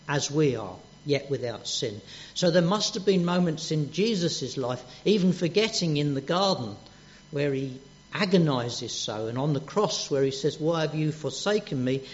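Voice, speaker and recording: A man preaching a sermon, gentle and earnest, dropping soft on quoted words. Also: on the high side. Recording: dull lo-fi church recording.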